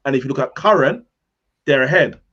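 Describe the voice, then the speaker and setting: A man's voice: mid-range voice, lively intonation, a little fast, fairly bright tone. A man arguing on a football debate panel, counting off trophies to make his case. His sound is dull and lo-fi. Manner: argumentative, lists stats.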